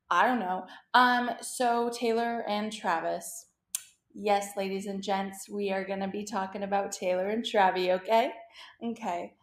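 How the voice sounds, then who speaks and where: Excitable young woman gushing, roomy sound. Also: mid-range voice. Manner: excitable, gushing, swears freely. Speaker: podcast host. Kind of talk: casual pop culture chat. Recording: roomy echo.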